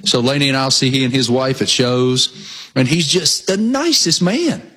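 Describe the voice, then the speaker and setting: A man's voice: mid-range voice, expressive, measured pace, fairly bright tone, slightly rough. A man co-hosting a casual chat, talking in an enthusiastic, emphatic way. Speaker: co-host.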